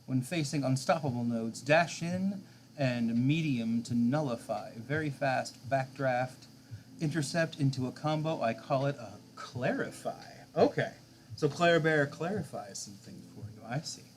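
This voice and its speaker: A man's voice: mid-range voice, unhurried, a little hiss or hum. A man streaming a game live late at night, rambling casually and answering viewers' chat.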